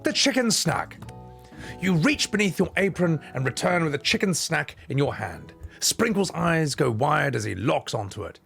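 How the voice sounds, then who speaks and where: A man reads out a visual novel with a playful, wry delivery, his voice high and lively with big swoops. Faint music plays behind him. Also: normal speed, vocal fry. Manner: playful, wry narration with asides. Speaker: gaming streamer. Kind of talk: reading aloud a visual novel.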